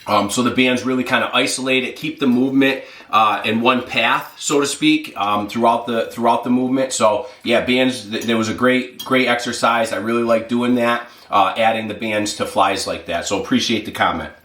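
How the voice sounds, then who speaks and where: A man's voice: mid-range voice, fairly even intonation, normal speed, hardly any pauses, a bit bright, echoey room. Rambling man chatting with his mouth full. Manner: rambling, filler-heavy, talks with mouth full. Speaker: fitness channel host. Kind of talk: casual vlog chat while eating.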